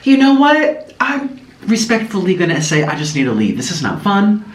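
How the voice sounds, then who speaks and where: A man voicing a fed-up, polite woman guest who gives flat, reluctant refusals. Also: medium pitch, moderate pace, reverberant, pitched above the performer's own voice.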